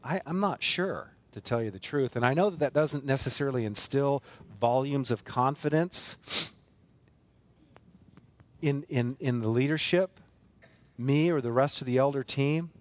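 A man's voice: mid-range voice, unhurried, long pauses. A man preaching a sermon as pastor, emphatic and repetitive, with many rhetorical questions.

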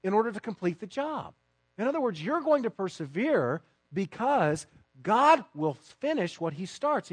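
A man preaching a sermon to his congregation with emphatic stresses and quiet asides. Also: high-pitched, slightly rough, no room sound. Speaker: pastor.

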